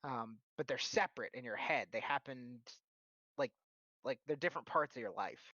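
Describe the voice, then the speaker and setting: A man narrating as game master of a tabletop game, halting with fillers and restarts, recorded with a dull lo-fi sound. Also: mid-range voice, bright, forceful tone, dry recording.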